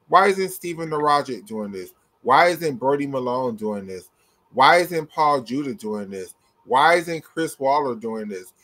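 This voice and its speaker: A man's voice: medium pitch, animated, unhurried, sharp tone. A young man ranting heatedly in a commentary vlog, blunt and profane, hammering his points through repetition. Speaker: gymnastics commentator.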